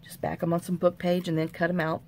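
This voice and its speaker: Middle-aged woman, crafting tutorial host, gravelly fry in the voice, faint hiss behind. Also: fairly low pitch, little pitch movement, fast talker, darkish tone. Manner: rambling, folksy and self-mocking.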